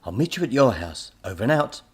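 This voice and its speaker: A man voicing a kindly old grandfather tinkerer who speaks calmly and gently in a storybook. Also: medium pitch, fairly quick, breathy edge, pitched above the performer's own voice. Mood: gentle. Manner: calm, gentle, reassuring.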